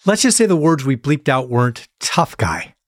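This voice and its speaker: A man's voice: mid-range voice, very animated, normal speed, background noise. A male host reading scripted narration with a dry, punchy delivery.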